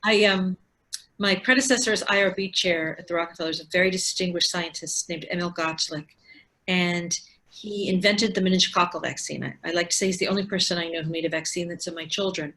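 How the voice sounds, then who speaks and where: A woman's voice: fairly low pitch, steady tone, a little fast, fairly bright tone. A woman in her sixties, a physician, explaining things step by step in conversation with frequent restarts over a video call. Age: 60s. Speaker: physician and researcher.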